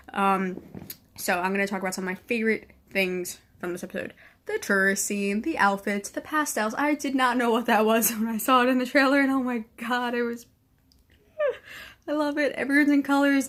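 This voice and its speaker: Woman, higher voice, teary, gushing casual review, swears, trails into whispers. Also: fairly bright tone. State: teary from crying. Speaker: show reviewer.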